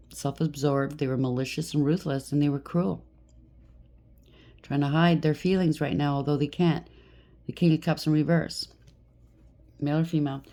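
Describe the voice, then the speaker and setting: A woman's voice: low voice, dark tone. A woman giving a tarot reading in a blunt, heated way, often checking in with "okay?". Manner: blunt, heated, talks to the listener with frequent "okay?". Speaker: tarot reader.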